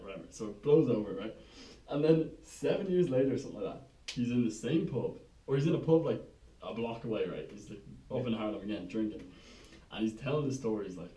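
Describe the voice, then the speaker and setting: A man's voice: fairly low pitch, animated, a little fast, mellow, slight background noise. A man co-hosting a podcast, telling a rambling, sweary anecdote full of "right?" asides. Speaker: podcast co-host. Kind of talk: casual chat, storytelling. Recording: echoey room, mic far off.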